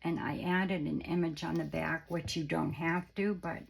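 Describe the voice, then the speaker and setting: A woman with a low, deeply gravelly and croaky voice talks through a paper-craft tutorial in an easygoing, rambling way. She wanders off mid-sentence and corrects herself, like someone showing a friend how it's done. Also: fairly even intonation, moderate pace, a little hiss or hum, poor audio. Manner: chatty, meandering, self-correcting. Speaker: craft channel host.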